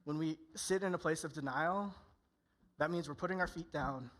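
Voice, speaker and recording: A man's voice: fairly high pitch, moderate pace, fairly bright tone. A male pastor preaching a candid, conversational sermon in church, often acting out people's inner voices.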